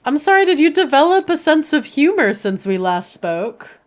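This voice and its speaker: A woman's voice: high voice, sing-song, normal speed. A woman streamer chatting casually and playfully with her viewers while she plays a game. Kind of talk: casual gameplay chat.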